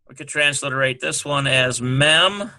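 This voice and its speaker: A man slowly working through a language exercise, sounding out syllables and spelling letters one by one. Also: mid-range voice, pushed and bright. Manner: slow and halting, sounding out syllables. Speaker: Hebrew teacher. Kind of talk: screen-recorded lesson walkthrough.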